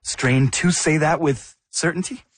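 A man's voice: fairly high pitch, unhurried, breathy edge, no echo. A man co-hosting a news discussion, asking questions and thinking aloud.

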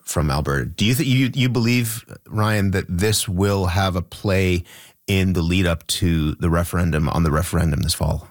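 Male host, very low pitch, conversational questioner, dry close sound. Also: normal speed, no room sound. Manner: conversational, poses questions to panelists by name. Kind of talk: moderating a political panel.

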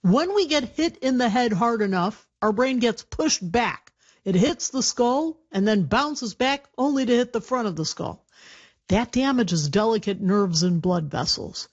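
A woman doctor explains a medical condition in a deliberate, careful manner, her slightly high voice moving with lively pitch. The tone is husky, and the sound comes over a dull, muffled line. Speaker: family doctor, health contributor. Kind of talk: explanatory interview answers.

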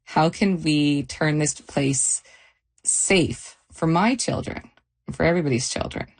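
A middle-aged woman retelling a frightening night in a halting, shaken interview. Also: low voice. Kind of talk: personal testimony interview.

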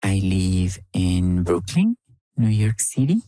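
A woman from Argentina with an Argentine Spanish accent, telling personal stories in an interview in a slow, playful way. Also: a bass voice, very animated, dark tone, no room sound. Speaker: storyteller and writer.

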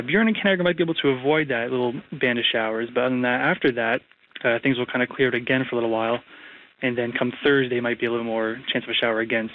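A male meteorologist giving a weather forecast by phone, casual and full of fillers. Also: medium pitch. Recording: tinny phone line.

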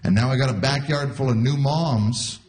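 A Canadian man in his forties does stand-up, acting out quoted voices and laughing at his own jokes as the audience laughs in the background. His voice is mid-range and darkish, at a normal speed.

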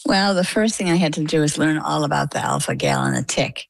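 Low, gravelly-voiced woman telling her story. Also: a little fast, no room sound, poor audio. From Maine. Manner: animated storytelling, acts out quoted dialogue. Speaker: interview guest. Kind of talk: personal story in an interview.

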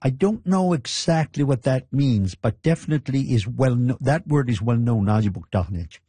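A man's voice: mid-range voice, expressive, normal speed, mellow, slightly rough, no room sound. A man being interviewed, patiently explaining and repeating words from his language. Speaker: interview guest. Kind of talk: casual interview.

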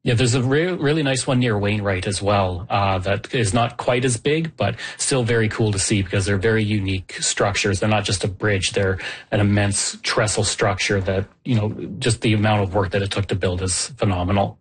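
A man co-hosting a radio call-in show who describes places with rambling enthusiasm. His voice is fairly low and husky. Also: moderate pace, hardly any pauses. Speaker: radio co-host.

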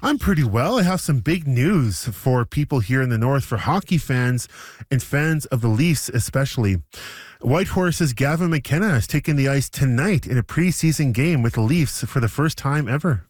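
Easygoing morning radio host, dry studio. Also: male voice, mid-range voice, lively intonation, normal speed, no echo. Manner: easygoing, lightly chatty. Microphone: studio microphone.

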